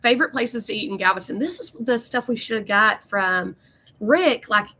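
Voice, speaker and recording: A woman's voice: on the high side, animated, normal speed, bright, forceful tone. A woman co-hosting a live cruise talk stream, teasing her co-host in playful casual banter.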